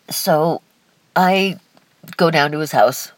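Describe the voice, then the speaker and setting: A young woman telling a personal life story candidly, in a halting, emotional way with restarts and sighs. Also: deep voice, low-quality recording.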